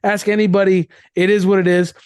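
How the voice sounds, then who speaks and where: A man's voice: sits high, little pitch movement, a little fast, a little mellow, clear, resonant tone, dry recording, clean studio sound. A man co-hosting a sports podcast in casual chat, emphatic and opinionated, hammering his points by repeating them. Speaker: podcast co-host.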